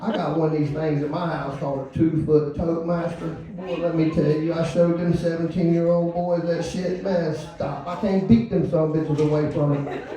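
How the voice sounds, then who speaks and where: A man's voice: fairly high pitch, level tone, moderate pace, dark tone. Profane fifty-something man doing stand-up. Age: 50s. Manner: loose, storytelling, profane, laughing at own jokes. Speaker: open-mic comedian. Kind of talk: stand-up comedy. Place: comedy club stage. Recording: echoey club from far off.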